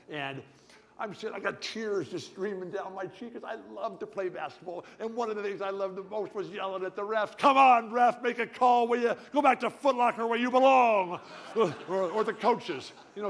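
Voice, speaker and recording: Speaking in a large banquet hall at a club awards dinner, an older guest speaker says he has stuttered all his life. He rambles in a folksy, emphatic way, jumping between tangents, and his voice sits on the high side.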